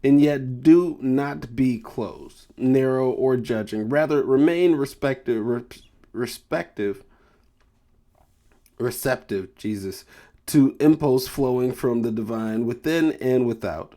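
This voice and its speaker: A man with a mellow, mid-range voice takes his time through a casual tarot reading. He rambles and cracks jokes, tripping over the passages he reads aloud.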